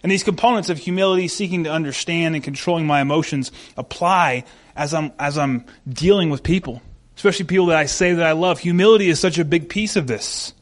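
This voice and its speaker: A man's voice: fairly high pitch, fast talker. A married man preaching in an earnest, conversational way, with small restarts as he talks. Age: adult, married. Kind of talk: sermon.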